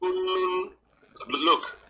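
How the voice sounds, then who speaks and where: A man's voice: high voice, steady tone, extremely slow, sharp tone, poor audio. A man calling into a live debate, sounding hesitant and defensive and often trailing off mid-sentence. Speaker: caller. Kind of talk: heated live call-in debate.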